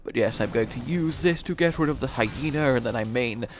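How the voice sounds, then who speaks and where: A man's voice: mid-range voice, fairly quick, a little hiss or hum. A man giving joking, rambling commentary over a card game he's playing, with sarcastic asides. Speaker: gaming video host. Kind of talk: let's-play commentary.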